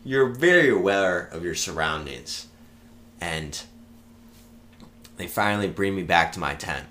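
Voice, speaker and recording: A man's voice: sits low, animated, a little slow, a bit bright. A young man in his twenties, a podcast guest, casually telling rambling stories, swearing freely and laughing as he goes. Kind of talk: casual storytelling.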